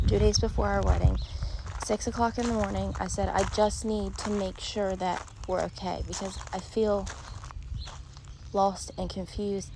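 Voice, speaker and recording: A woman in her thirties, tearful, speaking in an emotional, halting, rambling way in a personal vlog. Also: mid-range voice, gravelly, background noise. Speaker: vlogger. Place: rural home, barn nearby.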